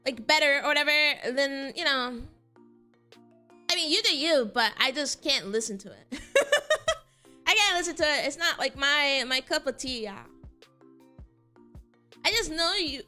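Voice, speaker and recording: A woman's voice: sits high, expressive, a little slow, pauses often, pushed and bright, soft background music. A young woman VTuber chatting casually on stream, answering chat and laughing often.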